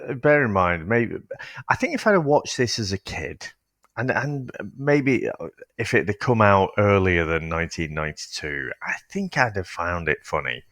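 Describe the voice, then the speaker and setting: Low-voiced man musing on a film. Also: sing-song, normal speed, fairly bright tone, no room sound, studio quality. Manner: thoughtful, hesitant, with restarts. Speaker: podcast co-host. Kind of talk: casual film review chat.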